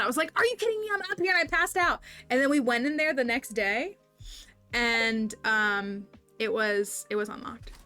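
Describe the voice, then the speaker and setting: A woman with a slightly high voice chats her way through a gameplay livestream. She talks casually to her viewers, often breaking off to restart a thought or lay out how the game works, while soft game music plays underneath. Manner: chatty, self-interrupting, explains game mechanics. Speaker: streamer.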